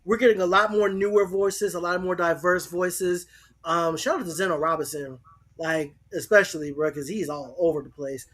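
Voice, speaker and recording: A man hosting a casual group chat, giving animated, emphatic opinions. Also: high-pitched, normal speed. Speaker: podcast host.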